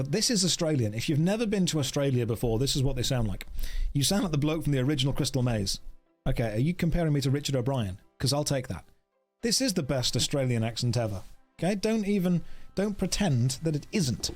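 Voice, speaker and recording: A man's voice: a little high, sing-song, fairly quick, soft background music. A man chatting playfully with viewers during a casual game stream, joking as he plays.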